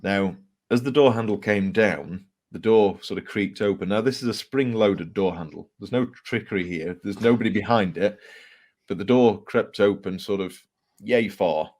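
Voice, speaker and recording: A man whose voice is on the low side talks at a moderate pace as a guest author in a casual storytelling interview. Originally from England, he tells ghost stories with animated energy, laughing and using fillers.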